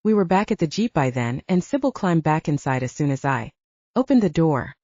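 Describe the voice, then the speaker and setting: A woman narrating a first-person audiobook in an expressive storytelling manner, close to the mic. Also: deep voice, brisk, no echo. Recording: slightly dull, dry recording.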